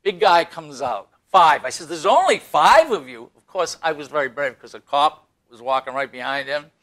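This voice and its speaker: Lively, animated male talk show host. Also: on the high side, moderate pace. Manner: animated, jokey, raises voice when telling stories. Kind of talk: casual political talk show chat.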